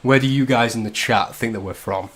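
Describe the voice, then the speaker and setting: A man's voice: medium pitch, a little fast, a bit bright. A man from the north of England hosting a casual drinking livestream, cracking jokes and swearing with loose banter. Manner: swearing, joking banter with frequent laughs. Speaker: livestream host. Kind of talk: casual drinking-stream chat.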